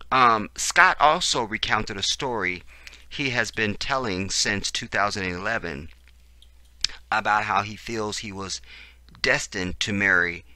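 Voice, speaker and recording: A man reading out news commentary and reacting to it, animated and profane, swinging between low mutters and loud outbursts. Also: no room sound.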